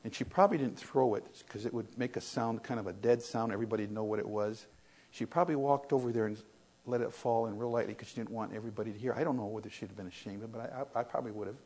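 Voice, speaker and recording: An older man preaching a sermon, telling stories that swing from loud, excited retellings to quiet reflection. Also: very fast, slightly rough. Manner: storytelling, rises loud and high in excitement, drops to soft and low when reflective.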